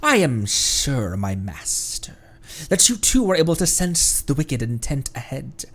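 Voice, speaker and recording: A man's voice: medium pitch, sing-song, measured pace, fairly bright tone, exaggerated voice. A man voicing an ancient spirit bound in a bottle who speaks in a courtly, archaic, theatrical way. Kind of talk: game dialogue read aloud on stream.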